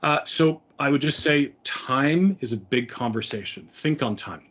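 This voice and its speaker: A man's voice: mid-range voice, measured pace, fairly bright tone. A middle-aged man giving an earnest, conversational talk to parents, with frequent fillers and restarts. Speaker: speaker.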